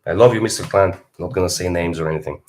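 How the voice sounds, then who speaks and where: A young man from Bulgaria with a Bulgarian accent, a fitness streamer talking casually on a live stream and swinging from low mutters to loud outbursts. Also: fast.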